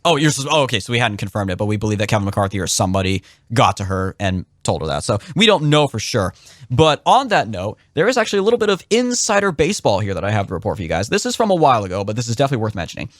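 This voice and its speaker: A young adult man co-hosting a casual political podcast, opinionated and animated, who acts out the people in his stories. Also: very fast, no echo, studio quality. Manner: animated, opinionated, swings pitch sharply for emphasis. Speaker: podcast co-host.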